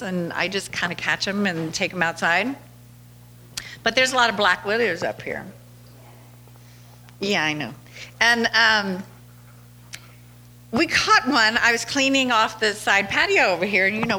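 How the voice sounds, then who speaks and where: A woman's voice: medium pitch, sing-song, unhurried, long pauses, bright, forceful tone, a little hiss or hum. A woman hosting a podcast, telling casual stories in a chatty way, laughing often and acting out quotes. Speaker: podcast host. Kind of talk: casual storytelling monologue.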